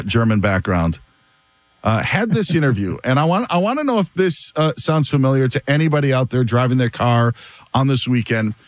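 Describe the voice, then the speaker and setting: A man hosting a sports radio show, talking in a casual, animated way and laughing often. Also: medium pitch, dry recording.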